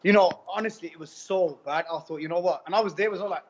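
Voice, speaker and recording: A man giving an animated testimonial, retelling conversations in a rapid, repetitive way. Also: sits high. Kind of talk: animated personal storytelling. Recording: dull lo-fi recording.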